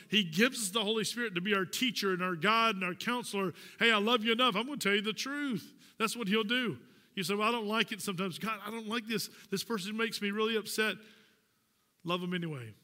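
Pastor guy preaching in a church, high bright voice, big reverby hall. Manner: folksy, direct, jokes with congregation. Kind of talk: sermon. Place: church sanctuary.

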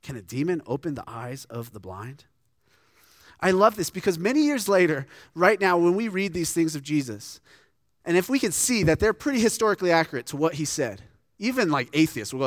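A man's voice: fairly high pitch, very animated, a little fast, no room sound, studio quality. A man preaching a sermon in an earnest, conversational way, often restarting his sentences. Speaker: pastor.

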